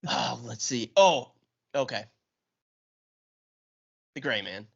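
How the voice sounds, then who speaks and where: Male co-host, casual banter, lively pitch, quick laughs, a bit lo-fi. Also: creaky, breathy edge. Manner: chatty, laughs often. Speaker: podcast co-host. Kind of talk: casual podcast chat. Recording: slightly muffled podcast audio.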